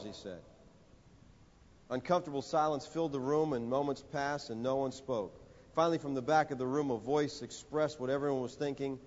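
A man preaching a sermon, telling a story and building to emphatic, rising lines with dramatic pauses. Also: mid-range voice, darkish tone. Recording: dull audio in a reverberant hall.

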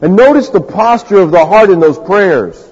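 A man's voice: high-pitched, lively intonation, normal speed, darkish tone, husky. A man preaching a sermon to a congregation, talking in a conversational way and acting out the people he quotes. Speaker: pastor. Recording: lo-fi recording with long reverb in a hall.

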